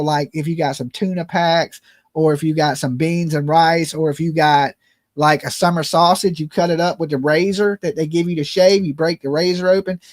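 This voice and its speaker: A man hosts a livestream full of casual, joking chat, loose and rambling, swearing freely through jokey phone-prank banter. His voice sits on the high side, and the sound is clean studio quality with no echo.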